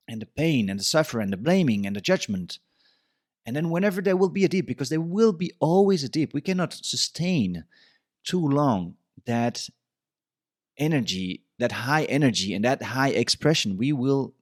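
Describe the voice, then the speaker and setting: A man's voice: mid-range voice, no echo, studio quality. A man hosting a podcast, giving relationship advice in a reflective, casual monologue and often repeating himself. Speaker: podcast host.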